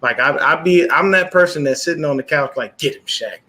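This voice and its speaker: A man telling a profane, animated story as a guest on a casual chat show. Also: on the high side, a little fast. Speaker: panel guest.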